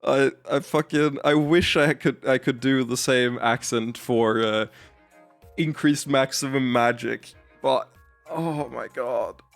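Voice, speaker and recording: A male game streamer talks his way through play in a loose, rambling way, giggling often and restarting his sentences. His pitch sits mid-range for a man, with faint music playing underneath. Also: slow pace, creaky. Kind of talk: casual live-stream commentary.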